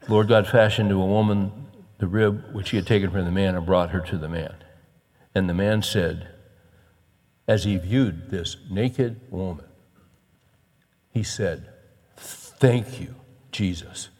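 Man, pastor, sermon, folksy, animated, lower voice, long hall reverb. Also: measured pace, long pauses. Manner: folksy, animated preaching with rising excitement and soft chuckles.

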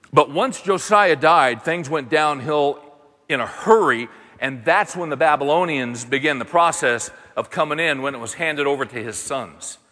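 A man delivers a sermon with animated energy, acting out the people in his story as he goes. His voice sits a little high for a man. The sound carries the long reverb of a large hall. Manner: animated, voices the prophet and God in dramatic quotes. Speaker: pastor.

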